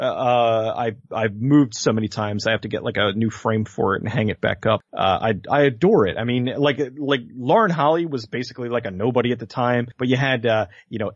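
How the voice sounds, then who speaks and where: A man co-hosting a casual movie podcast, rambling and excitable, often laughing. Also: medium pitch, dry recording, muffled recording. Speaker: podcast co-host. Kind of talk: casual chat about movies.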